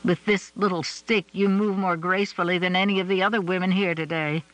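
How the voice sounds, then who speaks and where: A man voicing a husband who gently reassures his wife. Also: high voice, steady tone, a little fast, no room sound, poor audio. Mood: tender. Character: warm, admiring husband, grown man.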